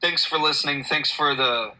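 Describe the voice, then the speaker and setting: A man's voice: fairly high pitch, moderate pace, pushed and bright, poor audio. A man hosting a solo podcast, reviewing a film in a meandering, self-deprecating way with lots of restarts. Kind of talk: rambling solo podcast talk.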